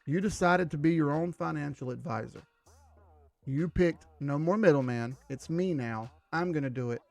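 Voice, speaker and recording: Gravelly, emphatic man teaching trading. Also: a little high, darkish tone, no room sound. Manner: emphatic, direct. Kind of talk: instructional talk to viewers.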